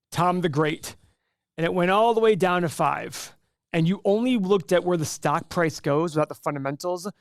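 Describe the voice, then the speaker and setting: Brief: male stock commentator, fairly high voice, punchy and sarcastic, dry close mic. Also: dry recording. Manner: energetic, sarcastic asides, self-correcting mid-calculation. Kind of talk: live reaction to earnings.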